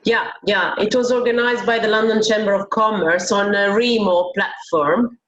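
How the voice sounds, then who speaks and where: A woman's voice: mid-range voice, fairly even intonation, normal speed, highs cut off. Woman, English, friendly attendee on a video call, roomy echo. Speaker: webinar attendee.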